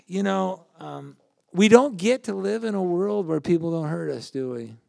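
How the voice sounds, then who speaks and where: A man's voice: sits high, animated, measured pace, gravelly, darkish tone, no room sound, studio quality. An older man, a pastor, giving a conversational sermon with family anecdotes and questions to the congregation.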